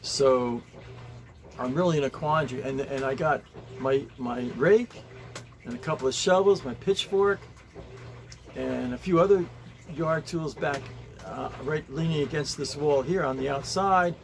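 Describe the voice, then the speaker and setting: A man's voice: a little high, measured pace. A man vlogging casually at home, stammering, repeating words and restarting sentences as he rambles in an earnest, homespun way. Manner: earnest and homespun, fond of small comforts. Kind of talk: casual vlog talk to camera. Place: at home, later filming by a pool.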